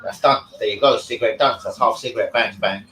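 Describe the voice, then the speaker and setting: A man's voice: lowish voice, fast, bright, forceful tone, slight background noise. A man, rambling and swearing in casual live-stream chat as the host. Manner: rambling, slangy, swears a lot. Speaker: livestream host. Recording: echoey room.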